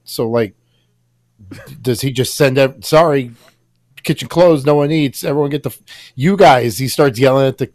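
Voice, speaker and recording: A man's voice: mid-range voice, a little mellow. Laughing, swearing podcast man. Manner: laughing, profane storyteller. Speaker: podcast co-host. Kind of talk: casual chat.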